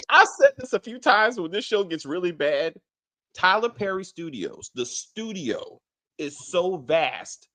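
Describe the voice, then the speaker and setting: A man co-hosting a casual TV review, animated and profane, acting out scenes in put-on voices. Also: sits high. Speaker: show co-host.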